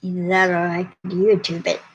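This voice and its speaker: A tired woman hosting a casual livestream at home, talking slowly and greeting viewers in the chat. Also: fairly low pitch, completely flat delivery, slight background noise, poor audio. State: yawning and tired. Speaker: livestream host.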